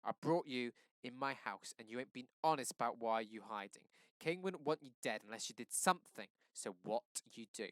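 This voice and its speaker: A man reading aloud and voicing a tough, protective father who speaks loudly and bluntly. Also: medium pitch, expressive, moderate pace, no room sound, lightly acted. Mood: angry. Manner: loud, forceful and blunt.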